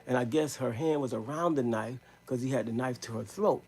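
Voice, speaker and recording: A man telling a rambling story in a live stream, in emphatic street slang, with a gravelly, husky voice. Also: mid-range voice, a little fast, a little mellow.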